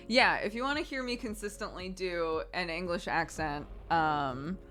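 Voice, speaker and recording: A woman in her thirties, a streamer casually answering chat questions in a relaxed, chatty way and laughing often. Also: on the low side, unhurried, faint music behind.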